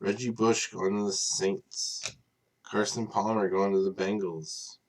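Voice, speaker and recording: A man's voice: lowish voice, a little slow, a little hiss or hum. Tired man hosting a card break. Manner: tired, casual, apologizes for yawning; reads off names in a steady list. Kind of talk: live stream card break commentary.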